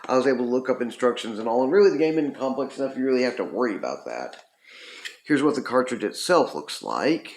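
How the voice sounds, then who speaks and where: A man's voice: medium pitch, very animated, fast talker, darkish tone. A man casually reviewing a retro video game, rambling with lots of ums and uhs. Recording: roomy echo.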